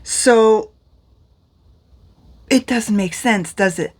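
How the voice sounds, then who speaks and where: A woman's voice: on the high side, very slow. A middle-aged woman chatting through a makeup vlog, rambling and laughing often while tired and in pain. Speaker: beauty vlogger.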